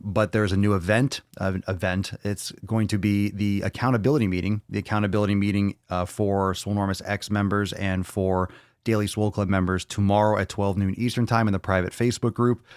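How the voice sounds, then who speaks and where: A man hosting a live podcast Q&A, talking casually in a fairly low voice. He swears freely and jokes as he goes. The sound is close and dry, with no room around it. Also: fairly even intonation, a little fast, smooth, no room sound. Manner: profane, playful, goofing with mock self-scolding. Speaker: podcast host.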